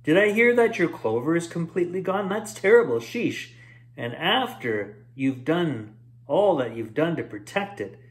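Man voicing a sly storybook gopher, quick and wheedling, pitched up high. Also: lively intonation, darkish tone, natural voice. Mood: nervous. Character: sly fast-talking male gopher schemer.

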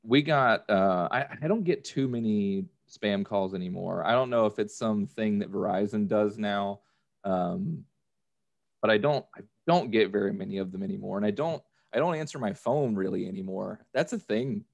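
A man co-hosting a podcast, chatting in a relaxed, rambling way. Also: lowish voice, moderate pace, creaky, dull audio. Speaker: podcast co-host. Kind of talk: casual chat.

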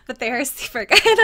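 A woman's voice: on the high side, fairly bright tone. A woman streamer gushing in a casual live-stream chat while eating, giggly and talking with her mouth full.

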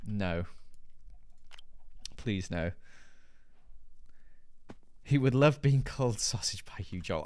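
A man's voice: fairly low pitch, expressive, takes it slowly, pauses often, a little mellow. A British man hosting a live gaming stream, chatting playfully and reading viewer comments aloud. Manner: chatty, playful, jokey banter with chat.

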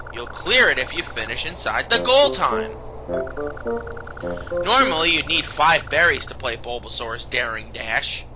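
A man hosting a video game let's play, commenting sarcastically and reading the characters' lines in silly voices. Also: a little high. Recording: game music playing behind.

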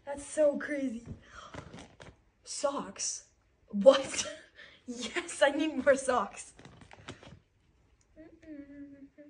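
High, slow-talking young woman gushing. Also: a little hiss or hum. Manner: gasping, gushing exclamations. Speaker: brand ambassador unboxing a package. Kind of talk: casual unboxing chat.

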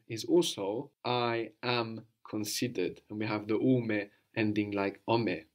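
A man with a lowish voice leads a spoken language lesson. He explains slowly and patiently, quizzes his student and repeats each answer back. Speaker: language teacher.

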